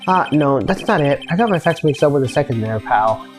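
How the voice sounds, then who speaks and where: Bumbling gruff detective, male, "pal" every line voiced by a woman. Faint music underneath. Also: low voice, lively intonation, a little fast, pitched below the performer's own voice. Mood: flustered. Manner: blustering, says "pal" a lot, flustered.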